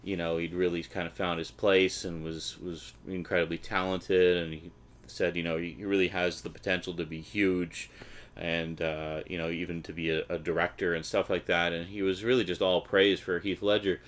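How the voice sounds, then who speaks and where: A man's voice: deep voice, flat delivery, normal speed. A Canadian man chatting casually and wryly while opening a package and reading out the blurbs. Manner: chatty and wry, reading blurbs with mock enthusiasm. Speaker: unboxing vlogger.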